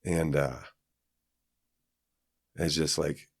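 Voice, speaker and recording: Very deep-voiced man telling a story. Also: steady tone, extremely slow, gravelly, breathy edge, no echo, clean studio sound. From Kansas, US. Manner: rambling, with many fillers and restarts. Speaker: podcast guest. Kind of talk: casual storytelling.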